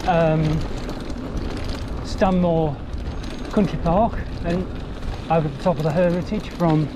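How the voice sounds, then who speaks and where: A man's voice: a little high, steady tone, slow pace, background noise. Chatty man riding trails. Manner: chatty, breezy, swears lightly. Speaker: mountain bike vlogger. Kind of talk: casual vlog commentary while riding. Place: outdoors on a bike trail.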